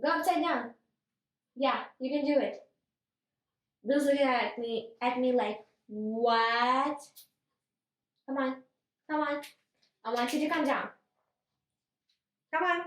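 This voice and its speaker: A woman's voice: high-pitched, slow pace, long pauses, a bit bright, echoey room, rough recording. A young woman filming her pet parrot at home, coaxing and cooing at it in a giggly baby-talk voice. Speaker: parrot owner and vlogger. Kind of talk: casual vlog talking to a pet.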